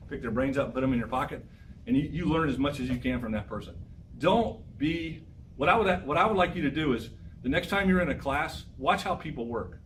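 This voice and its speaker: A man lecturing a college class as a professor, energetic and exhorting, repeating his phrases for emphasis. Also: medium pitch, recorded from a distance, slight background noise, rough recording.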